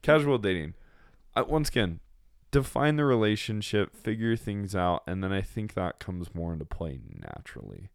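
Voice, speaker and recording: A man's voice: fairly low pitch, very animated, normal speed, vocal fry, clean tone, dry recording, studio quality. A married man co-hosting a podcast, giving dating advice in a joking, rambling way. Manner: joking, rambling, slips into silly voices. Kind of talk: casual podcast chat.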